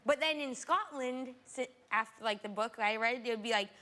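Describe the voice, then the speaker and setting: A young woman from Alaska chats as a talk show guest, giggly and leaning on "like". Her voice is fairly high and bright, with a sharp edge. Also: moderate pace. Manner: chatty, giggly, uses "like" a lot. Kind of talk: casual chat.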